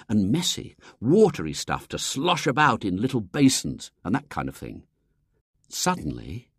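An audiobook narrator reading a comic children's story in a lively, highly expressive way. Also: husky, no echo, studio quality. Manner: lively, very expressive reading with wide pitch swings.

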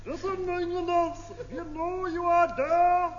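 An actor in a bad German accent playing a comic enemy officer in a 1950s radio comedy. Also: male voice, very high voice, little pitch movement, slow, a little hiss or hum. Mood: mock-menacing. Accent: bad put-on German. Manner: clipped, mock-menacing. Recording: muffled old broadcast, roomy echo.

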